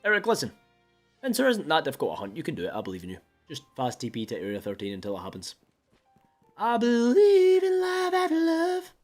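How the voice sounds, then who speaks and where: Animated man streaming a game. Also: lowish voice, very fast, faint music behind. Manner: animated, mock-mopey, chatting with viewers. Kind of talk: casual live-stream chat.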